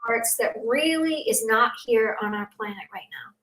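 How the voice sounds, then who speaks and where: An older woman hosting a casual conversation, speaking in an earnest, gentle way. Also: fairly high pitch, moderate pace. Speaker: host. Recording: echoey, distant from the mic.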